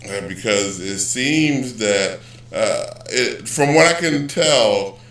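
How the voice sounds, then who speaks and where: Slow rambling man, roomy distant audio. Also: fairly low pitch, animated, fairly bright tone. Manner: rambling, self-correcting, joking asides. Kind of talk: casual rambling vlog.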